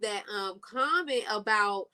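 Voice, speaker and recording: A woman's voice: medium pitch, lively intonation, takes it slowly, bright, forceful tone, clear, resonant tone. A woman co-hosting a casual review chat over a video call, talking in slangy, chatty bursts and laughing often. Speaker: co-host of a reality show review.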